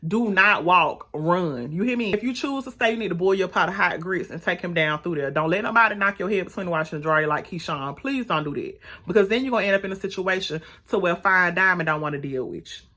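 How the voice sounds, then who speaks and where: A woman reviewing a TV episode in a casual, animated, sassy way, talking straight to her viewers. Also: on the low side, quick pace, few pauses. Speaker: YouTube reviewer.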